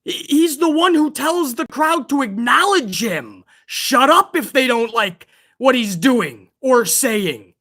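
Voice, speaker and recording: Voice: high-pitched, slow. A livestream host of a pro wrestling channel ranting heatedly, swearing often. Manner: excitable. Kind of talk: livestream rant.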